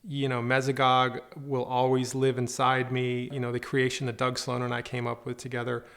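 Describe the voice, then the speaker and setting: Man in a relaxed interview. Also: medium pitch, moderate pace. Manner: relaxed, playful storytelling. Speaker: villain actor interviewee. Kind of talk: casual interview.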